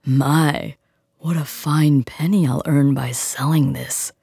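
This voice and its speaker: A woman voicing a stubborn young fisherman, hushed. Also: sits low, fairly even intonation, takes it slowly, dry recording, clean studio sound, heavily acted. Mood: amazed. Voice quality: soft, breathy hushed voice. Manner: earnest, coaxing. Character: stubborn young male fisherman, headstrong but kind. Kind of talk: storybook character voice.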